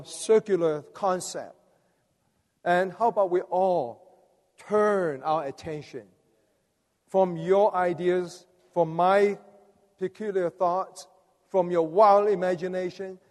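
High-voiced preacher in a reverberant hall. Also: male voice, a little mellow. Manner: rousing, coaxes the audience to respond. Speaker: preacher leading a conference message. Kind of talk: sermon. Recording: long reverb of a large hall.

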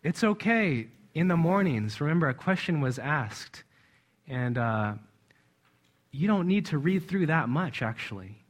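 A man's voice: a little high, sing-song, a little slow. A man preaching in a conversational way, stressing words with emphasis and chuckling often. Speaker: church speaker. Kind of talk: conversational sermon.

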